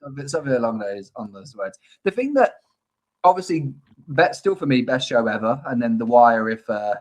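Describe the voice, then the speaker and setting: A man's voice: mid-range voice, animated, brisk, poor audio. A young man co-hosting a sports podcast, chatting affably with jokes and tangents. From Ireland or UK. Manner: affable, rambling, joking. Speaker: podcast co-host. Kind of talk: casual chat.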